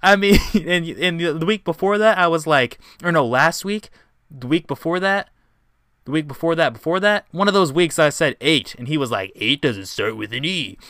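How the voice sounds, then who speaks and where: A young man from Indiana with a bright, forceful voice, bantering on his podcast. He swears freely and laughs often, in a dry close-miked sound. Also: fairly high pitch, animated, normal speed, smooth, no echo. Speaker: podcast host.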